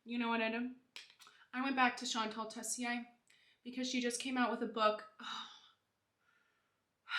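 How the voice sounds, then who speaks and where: A bubbly young woman talks to her viewers while doing her makeup. Her voice is bright and a little high. The sound has an echoey room around it. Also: little pitch movement, normal speed, pauses often. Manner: bubbly, gushing, lots of "like" and "you guys". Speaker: beauty vlogger.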